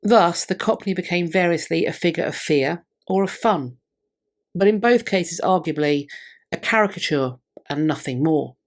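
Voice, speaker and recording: A woman presenting a history video in measured, scripted narration, reading out scholarly quotations along the way. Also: on the low side.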